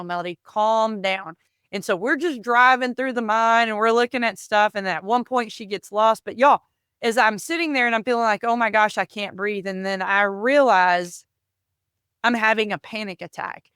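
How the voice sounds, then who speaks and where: A woman's voice: a little high, fairly bright tone, clean tone, no room sound, studio quality. A woman hosting a podcast, telling a personal story in an earnest way, often repeating words and calling listeners "y'all". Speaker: podcast host.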